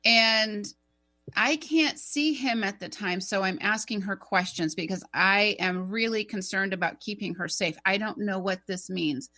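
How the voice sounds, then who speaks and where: Bright-voiced woman telling a story. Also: medium pitch, unhurried. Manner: animated, chatty, rambling with fillers. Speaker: co-host telling a personal story. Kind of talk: casual radio storytelling.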